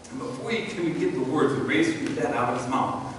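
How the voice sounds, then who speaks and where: Male pastor, high-pitched and very expressive, chatty animated sermon, distant mic in a big echoing sanctuary. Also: fairly quick, slight background noise. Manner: conversational, animated storytelling with rhetorical questions. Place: church sanctuary. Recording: echoey hall, voice from far off.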